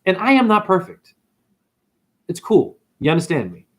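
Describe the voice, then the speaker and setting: A man hosting a livestream, talking in a casual, slangy spiritual monologue and jumping into high mocking voices when he quotes people. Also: very animated, moderate pace, fairly bright tone.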